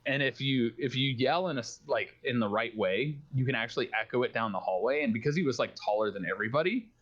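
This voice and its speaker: A man's voice: mid-range voice, fast, a bit bright, muffled recording. A man telling stories in a casual late-night stream chat, often laughing as he rambles.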